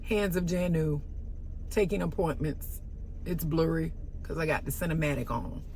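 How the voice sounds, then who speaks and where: A woman telling a story in a casual vlog, sassy and animated, with sudden loud exclamations and soft asides. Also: low-pitched, normal speed, a little hiss or hum.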